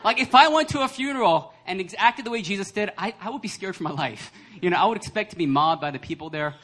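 A young adult man, a pastor, preaching a lively sermon that acts out voices and laughs often. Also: high voice, fast. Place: church service hall.

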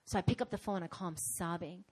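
Young woman, sermon testimony, animated storyteller with big swings from soft to loud. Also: fairly low pitch, quick pace, slightly rough. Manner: dramatic and animated, with sudden swings from hushed to loud. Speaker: preacher giving a testimony.

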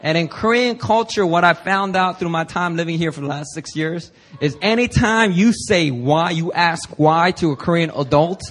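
A young adult man preaching, telling a personal story with lively energy and acting out the people he quotes. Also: on the high side, normal speed, few pauses. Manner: animated storyteller, acts out quoted voices. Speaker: pastor.

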